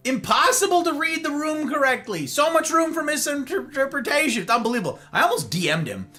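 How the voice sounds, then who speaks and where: A man's voice: very high voice, brisk, soft background music. A man streaming live, chatting casually and rambling straight to his viewers. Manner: animated, rambling, talks straight to chat.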